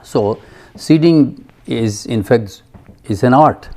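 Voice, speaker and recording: Halting male lecturer, mellow voice. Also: medium pitch. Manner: halting with many fillers; asks and answers his own questions. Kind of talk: recorded lecture.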